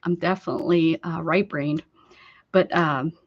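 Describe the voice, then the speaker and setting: A woman's voice: sits low, steady tone, a little slow. A woman with an American accent chatting casually on an art live stream, rambling, laughing and answering viewer comments. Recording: slightly dull lo-fi stream audio.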